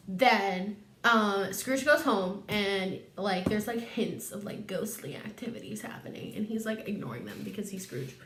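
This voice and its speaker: A woman's voice: medium pitch, normal speed, few pauses, a bit bright. A woman vlogger retelling a story in casual comic style, rambling with slang and filler words. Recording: echoey room.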